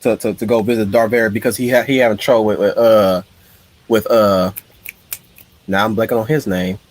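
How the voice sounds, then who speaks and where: A man's voice: on the low side, steady tone, fairly quick. A man hosting a casual live stream, telling his ideas in an eager, rambling way. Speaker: streamer host.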